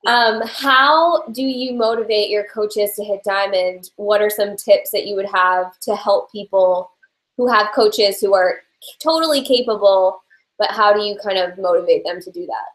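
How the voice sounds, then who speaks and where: A woman's voice: medium pitch, normal speed, fairly bright tone. Woman host on a team call asking friendly questions, mid voice, kinda echoey room.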